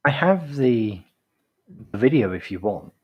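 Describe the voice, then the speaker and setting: A man's voice: medium pitch, sing-song, slow, slightly rough, highs cut off. A man co-hosting a live chat show, dropping sardonic, mock-outraged asides. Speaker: co-host.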